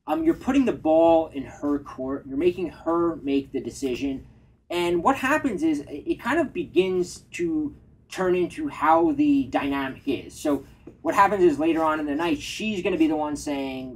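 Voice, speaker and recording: A man's voice: a little high, lively intonation, moderate pace, low-quality recording. A man, a dating coach, giving advice in an earnest, confessional way in a casual conversation.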